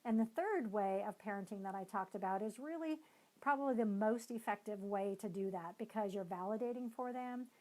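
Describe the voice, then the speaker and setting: A woman coaching team leaders on a live stream. She talks in a loose, conversational way and explains as she goes, leaning on hedging fillers. Her voice sits at an ordinary middle pitch. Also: fairly quick, mellow, low-quality recording. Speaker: neuropsychologist and team-building coach. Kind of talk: live-streamed motivational talk.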